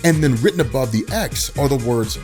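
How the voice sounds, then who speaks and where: A young man retelling a story in a casual, animated, slangy way with lots of fillers. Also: mid-range voice, brisk, soft background music. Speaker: vlogger.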